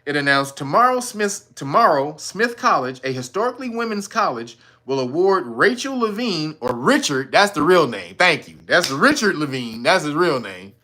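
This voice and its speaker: A man hosting a casual news commentary stream, talking in a profane, animated way and often laughing. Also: on the high side, normal speed, hardly any pauses. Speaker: channel host.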